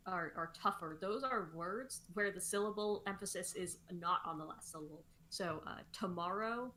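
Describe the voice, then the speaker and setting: A woman with a bright, clear voice pitched a little low for a woman, chatting on a livestream. She explains things in a casual, thinking-aloud way, full of "um"s and restarts. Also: slight background noise. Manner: explanatory, many fillers and restarts. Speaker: co-host songwriter.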